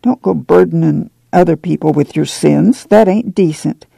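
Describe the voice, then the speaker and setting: A woman's voice: deep voice, moderate pace, creaky, dark tone, breathy edge, no room sound, exaggerated voice. A man doing a stern, firm farm mother. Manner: firm and plain-spoken. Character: stern, steady mother of a poor farm family.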